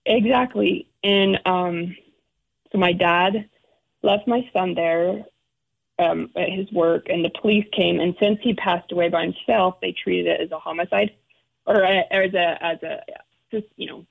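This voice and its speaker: Middle-aged woman, gravelly voice, stops and restarts, tinny phone-like sound. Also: fairly low pitch, steady tone. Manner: halting, restarts often, acts out quoted relatives. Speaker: guest. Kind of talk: emotional personal storytelling.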